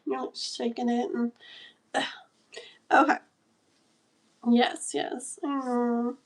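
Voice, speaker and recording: A woman's voice: fairly high pitch, flat delivery, slow. A woman in her thirties hosting a casual livestream, chatting and giggling while reading comments aloud. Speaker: livestream tarot host.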